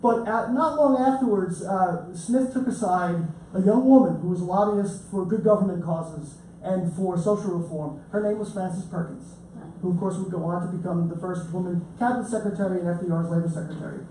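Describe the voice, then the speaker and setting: With a high, mellow voice and a fairly quick delivery, a man chats and jokes through an informal talk about his book, telling stories and restarting often. A distant mic in the lecture room gives a roomy sound, faint ambience from the audience and slight background noise.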